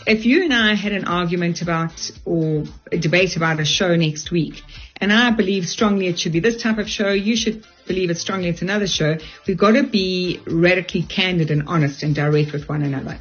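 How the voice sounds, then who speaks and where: An older South African woman with a lowish, slightly fast voice appears as a guest on a radio show, speaking as a resilience speaker. She gives earnest, direct advice in the interview, heard through dull lo-fi radio audio with faint music.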